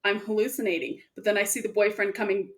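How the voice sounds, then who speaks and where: A woman co-hosting a casual chat, telling animated gameplay stories and laughing often. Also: medium pitch, quick pace. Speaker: podcast co-host.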